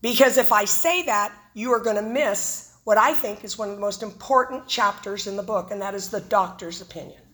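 A woman's voice: mid-range voice, fairly quick, few pauses, fairly bright tone. A woman speaking at a recovery meeting, telling her personal story with humor and animation. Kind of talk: personal testimony talk.

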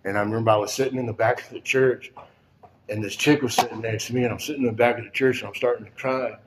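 A man in his sixties telling a personal story in a halting way, full of "and, uh", often sinking almost to a whisper. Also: mid-range voice, steady tone, background noise. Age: 60s. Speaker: storyteller recounting his past. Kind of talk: personal testimony.

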